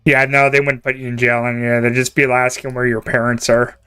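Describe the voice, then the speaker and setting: A man's voice: medium pitch, completely flat delivery, a little fast, sharp tone, smooth, faint music behind. A young man from Canada chatting casually and rambling while he streams a game, laughing often. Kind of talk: casual chat while gaming.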